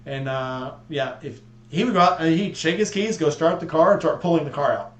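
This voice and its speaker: A man's voice: a little high, brisk. Joking man telling rambling stories. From southeast Texas near the Louisiana border. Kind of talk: casual chat. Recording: echoey room, faint hum.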